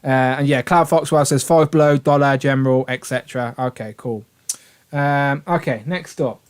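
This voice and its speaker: Hosting a relaxed live stream, this British man rambles with enthusiasm and calls out the names of his viewers. His voice is smooth and mid-range, at a moderate pace.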